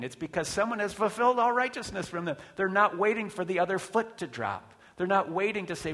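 A pastor with a high-pitched, fairly bright voice preaches a conversational sermon full of rhetorical questions and frequent restarts. There's long hall reverb on the recording.

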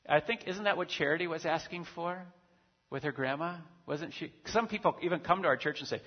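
A man's voice: fairly high pitch, fairly quick, husky. A male pastor giving a sermon in a chatty, conversational way, with frequent asides and check-ins with the listeners. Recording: dull recording in a reverberant hall.

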